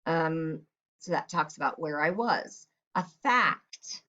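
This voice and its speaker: A woman's voice: low voice, expressive, slow pace, pushed and bright, dull audio. Woman teacher guiding kids step by step. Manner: step-by-step, encouraging, acts out example lines. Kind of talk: recorded writing lesson for kids.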